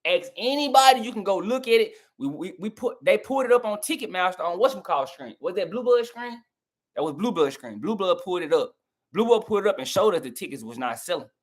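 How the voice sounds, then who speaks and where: Young southern dude w/ a southern accent, fired up and arguing with his chat, pitch sits a bit high. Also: expressive, fast. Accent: Southern American. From southern United States. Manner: argumentative, mocking, talks straight to chat. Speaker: streamer answering chat. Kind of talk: heated live-stream rant.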